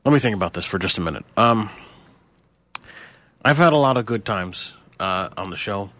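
Brief: low-voiced radio guest, hesitant and stumbling, dry studio sound. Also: male voice, expressive, moderate pace, fairly bright tone, no room sound. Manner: stammering, rambling. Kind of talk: hesitant comedic interview.

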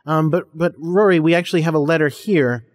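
A man hosting a comedy podcast, speaking in a halting, hesitant way with many restarts. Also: a little high, long reverb tail. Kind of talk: casual comic banter.

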